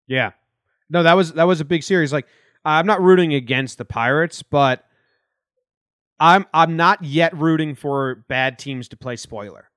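A man's voice: on the high side, measured pace, fairly bright tone, no room sound, studio quality. A man co-hosting a casual baseball podcast, speaking in an offhand, loose way and swearing freely. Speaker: podcast co-host. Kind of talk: casual sports chat.

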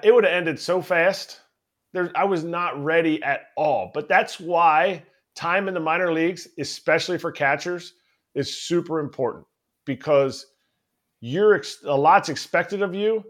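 A man's voice: fairly high pitch, a bit bright. A man, a former catcher, speaking candidly in casual podcast talk.

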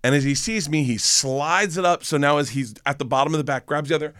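A man's voice: a little high, quick pace, fairly bright tone, no echo, clean studio sound. Rambling profane male storyteller. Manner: rambling, self-deprecating, profane. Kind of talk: casual storytelling chat.

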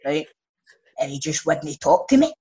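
A Scottish man telling sweary, animated stories in a casual podcast chat. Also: fairly high pitch, moderate pace, breathy edge, dull audio.

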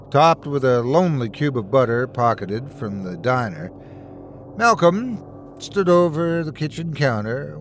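Guy reading a scary story, steady and suspenseful, mid-pitched voice. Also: slight background noise. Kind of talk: scripted horror narration.

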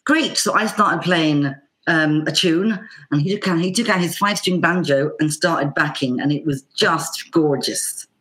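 Lively Irish woman telling a story. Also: sits low, unhurried. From Ireland. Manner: lively, acts out quoted voices with lots of fillers. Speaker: banjo player and teacher guest. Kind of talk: casual anecdotal storytelling.

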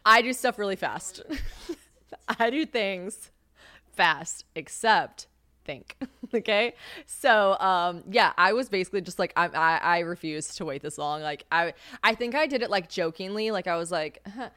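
A young American woman hosts a podcast solo, telling stories casually at an unhurried pace in an expressive, medium-pitched, sharp voice. She's self-mocking, says "like" constantly, swears freely, and laughs often. The recording is dry and studio quality.

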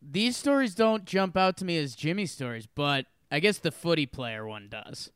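A man co-hosts a podcast in a casual, joking way. He mostly gives wry, short replies. His voice is a little high, moves a lot in pitch and sounds smooth and clear, close to a dry mic. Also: animated, moderate pace, a bit bright, no room sound. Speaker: podcast co-host. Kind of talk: casual comedic chat.

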